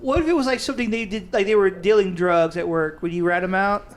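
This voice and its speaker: Male podcast co-host, high-pitched, rambling storyteller, casual chat. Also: quick pace. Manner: laughs often, rambling storyteller. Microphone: studio mic under bright lights.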